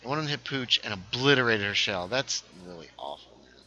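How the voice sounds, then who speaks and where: A man hosting a casual gaming livestream, chatting while he plays, reading viewer comments aloud and sometimes dropping into hushed asides. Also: fairly low pitch, fairly quick, low-quality recording. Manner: lively, reads chat aloud, drops into hushed asides.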